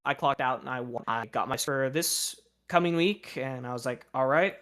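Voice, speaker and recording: A man's voice: medium pitch, normal speed, pushed and bright. A young man streaming, telling a story in a casual rant, exasperated and aggrieved, swearing freely.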